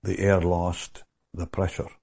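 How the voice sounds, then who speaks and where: A man's voice: low-pitched, completely flat delivery, a little slow, gravelly, darkish tone, slightly rough. A middle-aged man preaching a sermon, telling stories and building into emphatic, fervent prayer. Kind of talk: sermon with storytelling.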